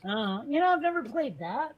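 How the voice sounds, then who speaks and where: A woman's voice: high voice, sing-song, moderate pace, lo-fi sound. A woman co-hosting a casual podcast chat, talking in a rambling way with many fillers and restarts. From from a Catholic Italian family. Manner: chatty, hesitant with many fillers. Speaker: podcast co-host.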